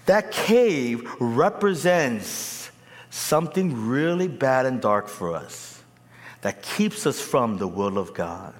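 A male preacher delivers an animated sermon, his pitch rising and falling widely. He calls on the crowd to answer him. His voice rings with long reverb in a large hall. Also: takes it slowly. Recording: echoey hall.

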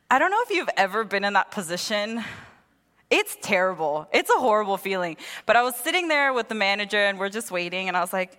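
A young woman preaches and tells a personal story with lively energy, slipping into the voices of the people in it. Her voice sits at a middle pitch for a woman, and the sound rings with the long reverb of a large hall. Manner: animated storytelling, acts out voices.

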